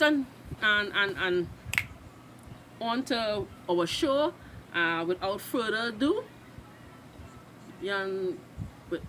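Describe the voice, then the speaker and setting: Trinidadian woman, reaction host, bright, slow, rambling casual chat. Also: medium pitch, lively intonation, slight background noise, poor audio. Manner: chatty, loose, restarts mid-sentence. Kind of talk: casual recap and live reaction.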